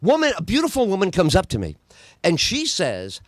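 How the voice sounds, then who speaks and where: High, lively comedian hosting a podcast. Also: male voice, brisk, no echo, clean studio sound. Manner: animated, tells jokes and laughs at his own bits. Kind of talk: energetic comedic podcast chat.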